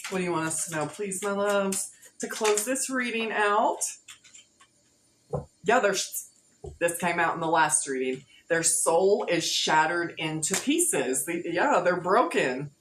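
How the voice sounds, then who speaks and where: A woman's voice: on the low side, lively intonation, slow pace, pauses often, a bit bright, a little hiss or hum. A woman giving a casual tarot reading to her viewers, playful and slangy, often laughing. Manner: playful, laughing, slangy, sings snatches of songs. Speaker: tarot reader. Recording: echoey room with faint ambience.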